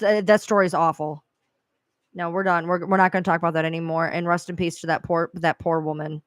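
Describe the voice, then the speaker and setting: A woman's voice: fairly low pitch, a bit bright, no echo, clean studio sound. A woman who covers true crime, talking bluntly and with profanity in a casual chat.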